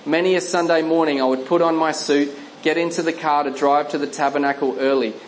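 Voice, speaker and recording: A man reading a Christian memoir aloud as narrator, measured and earnest, slowing on key phrases. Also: fairly high pitch, fairly even intonation, a little hiss or hum, low-quality recording.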